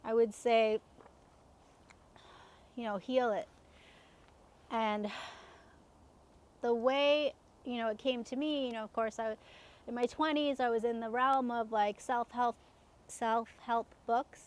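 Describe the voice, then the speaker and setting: Chatty woman with a higher voice. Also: fairly even intonation, slow, pauses often. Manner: chatty, laughs often, many fillers. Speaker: self-help coach. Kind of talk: casual personal storytelling.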